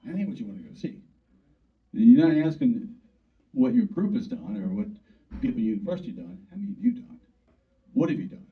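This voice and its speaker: A man's voice: medium pitch, very animated, brisk, long pauses. An older man, a urologist, giving a blunt, folksy informal talk to an audience and acting out quoted conversations. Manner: folksy, blunt, plain-spoken, acts out quoted dialogue. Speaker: urologist speaking to a club. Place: meeting room. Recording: distant mic over a tinny phone-like line.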